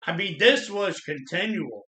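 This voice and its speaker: A middle-aged man hosting his channel, earnestly telling his own life story in a plain-spoken, halting way. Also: high voice, lively intonation, sharp tone. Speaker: channel host sharing personal trauma story. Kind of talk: personal storytelling monologue. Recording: echoey room.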